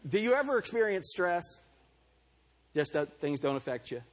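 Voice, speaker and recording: A man preaching in a husky, slightly breathy voice, talking with his church congregation. He is candid and self-deprecating, and he calls out people by name as if chatting with them. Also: high-pitched, big pitch swings, moderate pace. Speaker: pastor. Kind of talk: sermon. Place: church service before a congregation.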